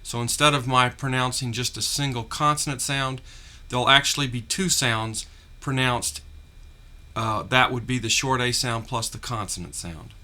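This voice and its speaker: A man teaching a phonics lesson, carefully articulating drawn-out vowel and consonant sounds. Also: medium pitch, sharp tone. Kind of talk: slow, deliberate phonics lesson.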